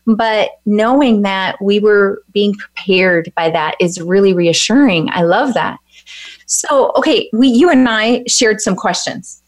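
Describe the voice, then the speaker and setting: A woman interviews a guest in a casual, affirming way, encouraging her to share more. Her voice is mid-pitched. She hosts a live-streamed spiritual coaching show. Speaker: host, spiritual life coach.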